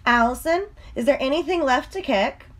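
A woman's voice: high voice, expressive, pitched above the performer's own voice. Lewis, a woman playing a sly teasing teacher. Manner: drawn-out, teasing questions. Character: sly teasing playground teacher, grown man.

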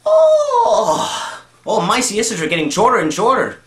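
Chattering squawky show parrots. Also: male voice, sits high, wildly swooping pitch, unhurried, a bit bright, reverberant, voice pushed up, heavily acted. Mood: showy. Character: chattering cartoon parrots with mixed foreign accents.

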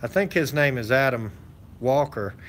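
A man's voice: mid-range voice, animated, normal speed, fairly bright tone. A man hosting his channel, chatting casually with viewers in a rambling, folksy way full of fillers and restarts. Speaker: channel host. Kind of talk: casual live-stream chat.

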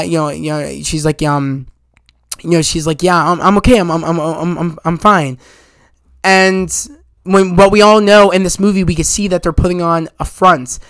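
A man talks through a film in a casual spoiler review, eagerly retelling scenes and acting out bits of dialogue. His voice sits fairly high and sounds smooth. The recording is dry, with no room sound. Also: no echo.

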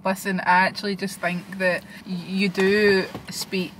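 A young Scottish woman chatting as a guest, relaxed and conversational, with the odd swear. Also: medium pitch, measured pace, a little hiss or hum, rough recording. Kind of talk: casual chat.

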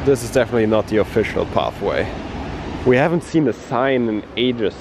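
A man talking in a monotone, feeling unwell, narrating a casual travel vlog outdoors on a coastal trail. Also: mid-range voice, a little fast. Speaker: travel vlogger. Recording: outdoor noise behind the voice.

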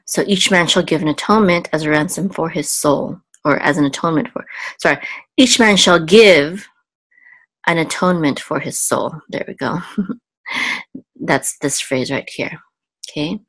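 A woman's voice: low-pitched, fairly bright tone, no echo. A woman teaching a Hebrew reading lesson, patiently sounding out syllables one by one with frequent ums. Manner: patient, spells out sounds slowly, thinks aloud with ums. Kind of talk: casual step-by-step lesson.

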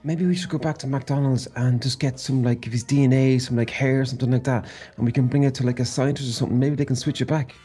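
Fast, eager man in a game role-play. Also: medium pitch, steady tone, warm tone, husky, soft background music. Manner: eager, repeats himself in bursts.

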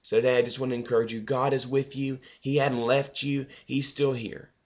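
A man's voice: medium pitch, level tone, a little fast, lo-fi sound. A male preacher giving a loose, conversational devotional sermon that often repeats words.

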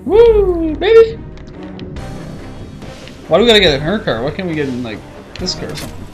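A man giving goofy, excitable commentary while playing a video game. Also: on the high side, very fast. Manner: jokey, excitable, sing-song outbursts. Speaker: let's play commentator. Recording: commentary over game music.

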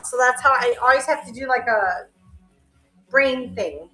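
A woman's voice: fairly high pitch, measured pace, pauses often, pushed and bright, faint music behind. A woman hosting a live online clothing sale, chatting casually and calling out item sizes, often laughing. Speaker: live-stream seller host.

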